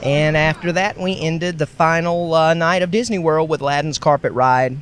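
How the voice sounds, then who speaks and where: A man hosting a podcast, recapping a family trip in a rambling, chatty way while riding in a car. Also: moderate pace. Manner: rambling, chatty, self-correcting. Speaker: podcast host. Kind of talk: casual travel recap. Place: car on the road. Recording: faint road noise. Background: faint vehicle rumble.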